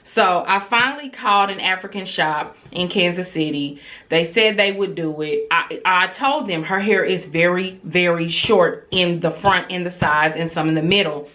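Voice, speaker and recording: A young woman tells a story on her vlog, animated and exasperated in the retelling. Her voice is bright and clear. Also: fairly low pitch, moderate pace. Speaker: vlogger. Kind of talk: casual storytelling.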